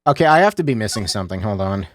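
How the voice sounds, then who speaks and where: A man's voice: on the low side, big pitch swings, very fast, a little hiss or hum. A man streamer thinking aloud while playing a game, casual and self-talking. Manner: talks to himself while puzzling. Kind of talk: casual gameplay commentary.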